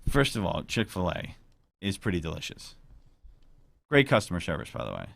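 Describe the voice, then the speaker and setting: A man's voice: deep voice, huge pitch swings, normal speed, creaky, a bit bright, no echo. A man hosting a casual podcast chat, rambling and joking with crude language. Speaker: podcast host.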